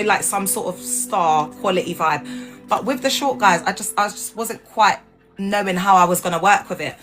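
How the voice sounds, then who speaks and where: A woman chatting casually to viewers on a livestream, animated and laughing, her voice jumping up high when she gets excited. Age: adult with grown children. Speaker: livestream host. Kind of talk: casual chat.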